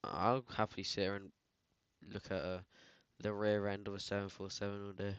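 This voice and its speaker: A man's voice: on the low side, level tone, normal speed, clean tone, no room sound. A man with a British accent chatting casually while editing photos, rambling and slangy, full of filler words. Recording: dull, dry lo-fi sound.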